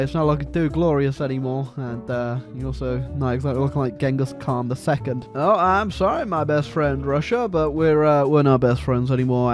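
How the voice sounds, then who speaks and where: Chatty man commenting on gameplay. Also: on the high side. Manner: chatty, joking, excitable with frequent laughs and fillers. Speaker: gaming video host.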